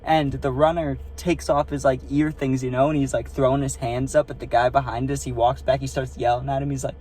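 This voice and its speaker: A man's voice: medium pitch, level tone, a little fast, hardly any pauses, a little mellow. Young man telling a rambling story. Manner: rambling, profane, filler-heavy, asks listener "right?". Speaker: storytime vlogger. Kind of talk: casual storytelling. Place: parked car.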